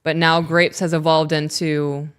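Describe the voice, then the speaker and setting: Smooth low-voiced woman chatting. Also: unhurried. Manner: chatty storyteller, animated retelling. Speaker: podcast co-host. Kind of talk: casual chat.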